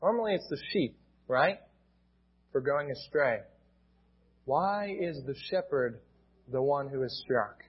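A man's voice: a little high, lively intonation, unhurried, long pauses, husky, lo-fi sound. A male pastor with an American accent, preaching a sermon in a plain teaching tone and often restarting his words.

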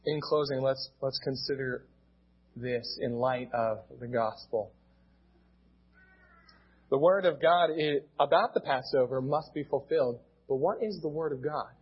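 A man's voice: medium pitch, measured pace, breathy edge, muffled recording. A male pastor with an American accent, preaching a sermon in a plain teaching tone and often restarting his words.

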